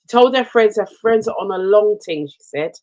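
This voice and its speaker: Expressive woman telling stories. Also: medium pitch, a little fast, poor audio. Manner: warm storytelling, expressive. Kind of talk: casual radio chat.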